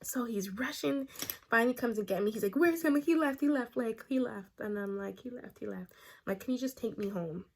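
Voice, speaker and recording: A young woman vlogger telling a casual story time while doing her makeup, animated and chatty, acting out the quotes. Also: on the high side, brisk, vocal fry. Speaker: beauty vlogger.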